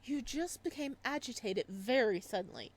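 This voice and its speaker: In a calm, subtly unsettling tone, a woman performs the lines of a soft-spoken, possessive male psychiatrist from a visual novel. Her pitch is fairly high and she speaks at a normal speed.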